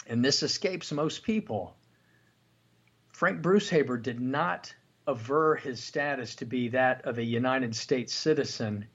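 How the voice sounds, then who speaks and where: A man's voice: medium pitch, breathy edge. A man hosting a podcast, reading legal documents aloud and asking questions as he explains them. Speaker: podcast host. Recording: dull lo-fi podcast audio.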